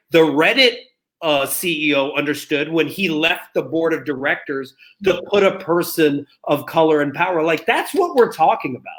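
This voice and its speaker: A man's voice: fairly high pitch, pushed and bright. A man who is a guest on an interview show, telling a story with animation and acting out the other voices in it. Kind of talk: conversational interview.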